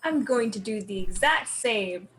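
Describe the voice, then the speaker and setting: A woman's voice: medium pitch, expressive, unhurried, a bit bright. A woman player in a tabletop game, describing her character's actions casually with hesitant fillers.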